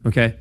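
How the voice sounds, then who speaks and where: A man's voice: fairly high pitch, vocal fry, a little mellow, husky. A young man giving a casual classroom lecture on logic, talking conversationally with lots of ums and okays and checking in with his listeners. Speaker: campus ministry speaker teaching logic.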